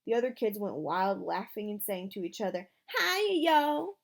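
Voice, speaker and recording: A woman reading a children's novel aloud, voicing the characters with changes in pitch and loudness. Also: fairly quick. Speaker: audiobook reader.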